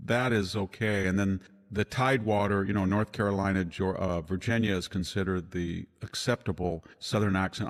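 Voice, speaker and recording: Older man, very deep voice, discursive talker with restarts, heard with a long reverb tail. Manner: rambling, discursive, many restarts. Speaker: historian guest. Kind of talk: casual conversation.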